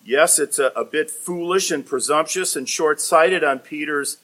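A man's voice: a little high, normal speed. A man preaching a sermon, emphatic and expository, rising in force when he voices the words of the text. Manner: emphatic preaching, rising loud for quoted lines; expository, reads commentary aloud. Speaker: pastor.

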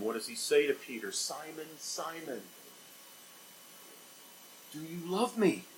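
A male pastor delivering a sermon with a voice of middle pitch. He moves between loud, rising emphasis and hushed, low passages, and asks the congregation questions. A faint hiss of noise sits under the voice. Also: rough recording. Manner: dynamic preaching with sharp swings in loudness and pitch, rhetorical questions.

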